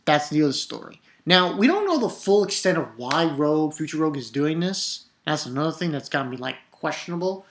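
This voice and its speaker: A man giving a casual, excitable, profane review of a manga chapter. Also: on the high side, a little fast, few pauses, a little hiss or hum. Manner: excitable and profane, bursts into loud exclamations.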